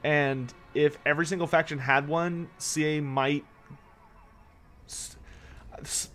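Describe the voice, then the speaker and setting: A man's voice: a little high, steady tone, slow, bright, forceful tone. A man streaming a strategy game live, chatting casually, answering viewers' questions and sounding tired. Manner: chatty, answers chat questions, swears when annoyed. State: tired, yawning. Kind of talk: casual live-stream commentary while playing.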